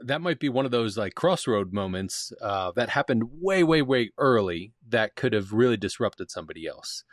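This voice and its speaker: A man's voice: fairly low pitch, very animated, normal speed, no echo, studio quality. A man hosting a podcast, asking his guest questions in a thoughtful, conversational way. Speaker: podcast host. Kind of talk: casual interview chat.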